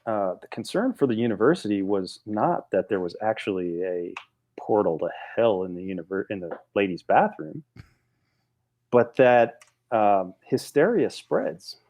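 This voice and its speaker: A man in his forties, a podcast guest telling a story in a casual, animated way with frequent restarts. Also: on the low side, muffled recording. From United States.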